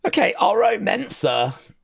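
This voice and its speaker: A young man hosting a live wrestling watch-along, calling the action and chatting with viewers, often shouting at big moves. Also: high-pitched, big pitch swings, measured pace, vocal fry, husky, dry recording, studio quality.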